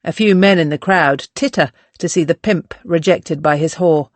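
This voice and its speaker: A narrator reading a historical novel aloud in a steady, clear manner. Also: medium pitch, normal speed, no echo. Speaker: audiobook narrator. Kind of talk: audiobook narration.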